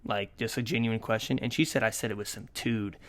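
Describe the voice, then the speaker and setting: A man's voice: lowish voice, steady tone, fairly quick. A young man in his twenties talks on his own podcast in a loose, rambling way. He swears freely and tells jokey stories, now and then jumping into sudden bursts of energy. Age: 20s. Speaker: podcast host. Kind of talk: casual solo podcast monologue.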